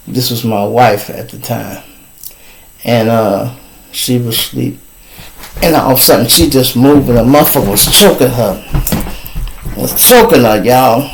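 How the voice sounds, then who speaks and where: A man hosting his show, telling a story in a casual, animated, profane way and laughing between lines. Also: mid-range voice, gravelly, a little hiss or hum, low-quality recording. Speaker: show host.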